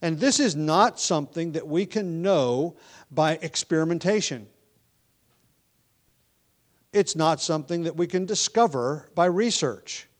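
A man with a slightly higher voice gives an expository sermon in a measured, deliberate way. He slows down on key words, now and then restarts a phrase or adds an um, and teaches steadily through the text. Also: animated. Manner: occasional ums and self-corrections. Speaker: preacher.

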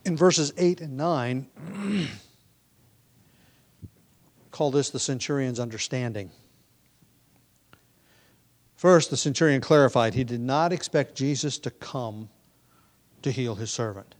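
A man's voice: medium pitch, expressive, takes it slowly, pauses often. A man giving an expository Bible lesson, thinking aloud with frequent restarts and fillers. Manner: thoughtful, self-correcting, many restarts and fillers. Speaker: Bible teacher.

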